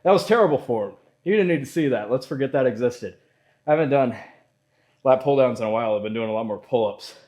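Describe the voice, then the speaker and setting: A man's voice: medium pitch, expressive, fast talker, darkish tone, slight background noise. A young man hosting a casual solo podcast, telling rambling stories full of profanity and crude jokes, talking in a room at home. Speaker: podcast host.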